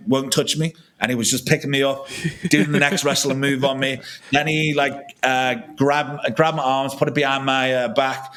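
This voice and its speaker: A man's voice: medium pitch, fairly bright tone. A man, a filmmaker guest on a podcast, telling a long casual anecdote full of swearing and restarts.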